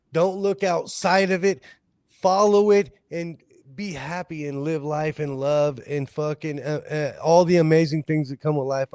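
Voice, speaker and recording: Brief: man, slightly high voice, rambling passionate rant, dry close sound. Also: darkish tone, smooth, dry recording. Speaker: guest. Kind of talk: casual group chat.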